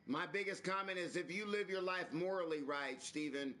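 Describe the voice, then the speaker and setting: Male live-stream host, fairly high and bright voice, preachy and repetitive, animated delivery with swearing. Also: normal speed. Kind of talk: casual live-stream chat.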